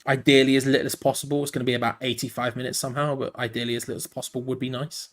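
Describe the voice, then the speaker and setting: A man's voice: mid-range voice, flat delivery, rapid-fire. A tired man hosting a live fan watch-along, switching between match commentary and rambling, frank asides.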